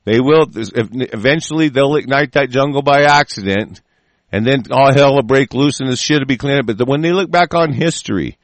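Guy ranting mad and swearing a lot, keeps restarting, mid-pitched voice, dry close sound. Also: moderate pace, no echo. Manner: heated, profane, repeats and restarts. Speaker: host. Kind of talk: angry profane rant.

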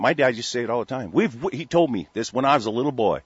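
A husky-voiced man from the United States rants on talk radio, stammering through restarts and swearing as he goes. His voice sits at an ordinary pitch, dry and close. The recording is dull and lo-fi. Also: expressive, racing, no room sound. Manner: rambling, stammering restarts, profane. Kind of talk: heated talk-radio rant.

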